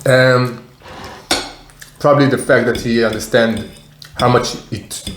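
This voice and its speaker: A man co-hosting an eating vlog, giving firm opinions in casual chat while often pausing and restarting. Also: medium pitch, fairly even intonation, background noise. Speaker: co-host, husband. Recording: roomy echo.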